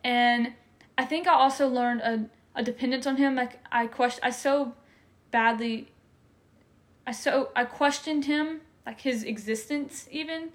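An earnest young woman talks through her faith in a loose, conversational way, full of fillers and feeling. Her voice sits a little high for a woman. She speaks openly, as if to friends. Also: steady tone, unhurried. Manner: earnest, emotional, many "like" fillers. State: tearful at times. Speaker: faith podcast co-host. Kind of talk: casual faith testimony.

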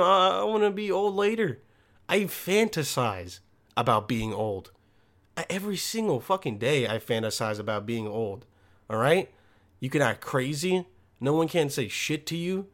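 A young man who is a student, talking in a casual comic monologue as host, joking and swearing often as he rambles. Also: fairly high pitch. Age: young adult.

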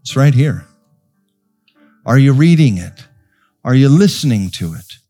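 A pastor preaches a sermon in a church sanctuary, slow and emphatic, rising to strong peaks as he calls out to his congregation. His voice is mid-range with lively intonation, and soft piano plays in the background.

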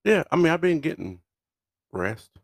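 A man's voice: fairly high pitch, big pitch swings, normal speed, no room sound, clean studio sound. A middle-aged man co-hosting a podcast in casual chat, hesitant and often trailing off. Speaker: podcast co-host.

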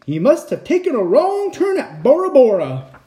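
A man voicing a loud, gruff, bossy pirate captain who bellows his commands in a storybook reading. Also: very high voice, huge pitch swings, moderate pace, pitched above the performer's own voice, exaggerated voice. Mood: bellowing.

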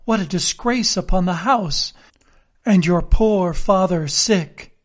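A man's voice: sits high, slow. A man reading an audiobook, voicing a flustered, fretful innkeeper's wife. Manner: fretful, fussing. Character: flustered innkeeper's wife, middle-aged woman. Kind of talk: audiobook character voice.

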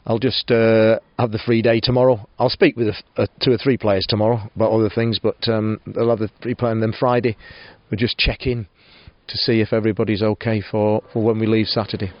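A man's voice: lowish voice, flat delivery, a little fast, no room sound. Football manager guy stumbling over his words, kinda muffled, dry sound. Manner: hesitant, many restarts and fillers. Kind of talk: post-match interview.

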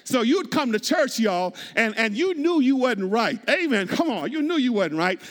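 A man preaching a sermon as pastor, repeating words, calling out to the congregation and breaking into sung and shouted phrases. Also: extremely high pitch, sing-song, normal speed. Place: church sanctuary. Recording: long hall reverb.

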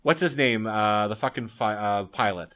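A man's voice: on the low side, moderate pace, sharp tone. A man co-hosting a casual podcast, rambling loosely and swearing casually. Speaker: podcast co-host.

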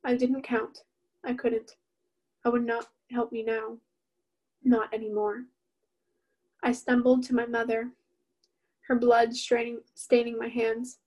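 Woman, author reading her own book, first-person narration, monotone, fairly high voice. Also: slow, pauses often. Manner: steady, even-toned reading.

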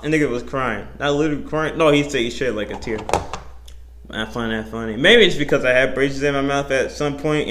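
Young guy rambling on his podcast, kinda high voice, cussing a lot and cutting himself off. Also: slight background noise. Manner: rambling, profane and animated, with slang and self-interruptions. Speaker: podcast host. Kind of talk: casual solo podcast monologue.

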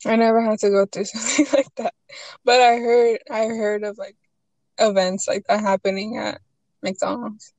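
A young woman in casual chat, asking questions and sharing a work story, relaxed and quick to laugh. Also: fairly high pitch, dry recording, low-quality recording.

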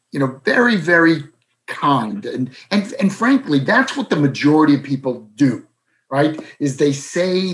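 A middle-aged man from South talks through personal stories as an interview guest. His voice sits a little on the high side for a man. He slips into quick, raised impressions whenever he repeats what his friends told him. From South Boston, USA. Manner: animated, acts out quoted friends in raised voices. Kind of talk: conversational storytelling.

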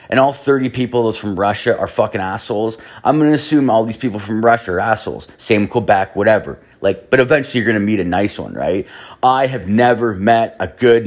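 Crude rambling young man, lower voice. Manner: crude, filler-heavy, swears constantly. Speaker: storyteller. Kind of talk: profane rambling anecdote.

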